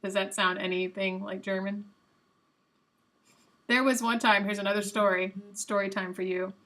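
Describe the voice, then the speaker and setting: A young adult woman hosting a live stream, chatting casually and guessing out loud while she plays a quiz game, a little self-mocking. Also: mid-range voice, steady tone, normal speed.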